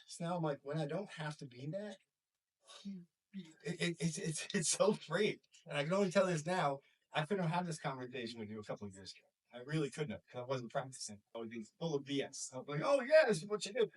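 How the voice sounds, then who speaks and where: A man in his forties from New York, with a New York accent, speaks a little high and quickly. He's a school counselor and life coach talking to a small group, animated and acting out quoted voices. The mic picks him up from far away.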